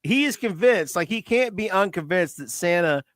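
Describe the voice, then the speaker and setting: A man's voice: sits high, expressive, moderate pace, fairly bright tone, no room sound, studio quality. A man co-hosting a podcast, retelling a movie in casual chat with lots of laughs and fillers. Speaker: podcast co-host.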